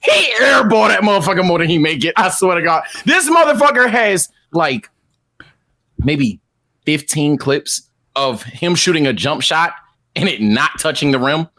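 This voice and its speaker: A man's voice: on the high side, very animated, unhurried, pushed and bright. A man co-hosting a casual podcast, ranting in an exasperated, profane way with lots of repeated words. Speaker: podcast co-host.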